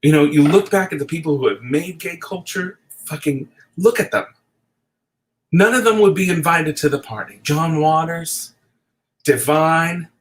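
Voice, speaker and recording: A man's voice: on the high side, a little slow, low-quality recording. A middle-aged man delivering an impassioned, profane late-night rant, at times teary. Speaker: video essayist.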